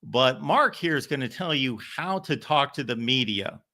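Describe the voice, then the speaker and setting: A man's voice: medium pitch, animated, moderate pace, bright, forceful tone. A man imitating an older male Southern football coach who speaks with a Southern drawl, addressing his team. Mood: stern.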